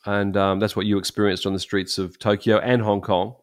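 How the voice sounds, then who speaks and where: A middle-aged man, a pastor, telling stories in casual chat, animated and laughing often. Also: lowish voice, brisk.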